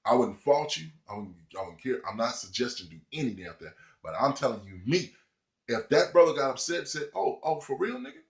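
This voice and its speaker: A man's voice: mid-range voice, sing-song, brisk. A man ranting in heated, profane commentary, talking to his viewers. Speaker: vlogger. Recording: echoey room.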